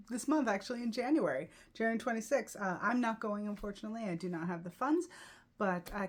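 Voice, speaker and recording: A woman comedian and event host chatting casually in a vlog, animated, with lots of fillers and laughter. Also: mid-range voice. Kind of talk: casual vlog chat about mementos.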